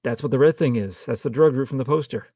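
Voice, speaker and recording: A man with a gravelly, husky, dark-toned voice drops wry jokes while talking through a movie with a co-host. The mic is close and the sound is dry. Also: medium pitch, quick pace, no room sound. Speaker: podcast co-host. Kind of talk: casual film review chat.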